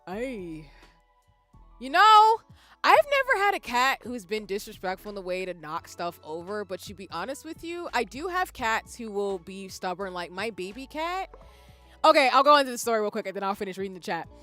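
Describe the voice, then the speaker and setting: A woman's voice: fairly high pitch, fairly bright tone. A woman streamer chatting casually with viewers, rambling and laughing often as she reads the chat aloud. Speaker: live streamer.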